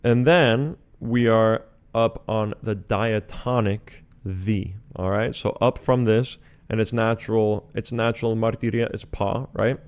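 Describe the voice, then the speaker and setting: A man's voice: lowish voice, fairly even intonation, unhurried, darkish tone, clear, resonant tone. A man giving a chant lesson, patiently explaining the scale and singing the note names. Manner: patient, methodical explanation, breaking into sung syllables. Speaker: chant teacher.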